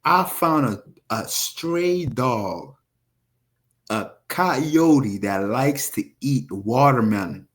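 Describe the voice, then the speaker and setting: A man giving casual scripture commentary to his viewers, animated and rambling, talking straight to them. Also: medium pitch, very slow. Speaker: religious video preacher.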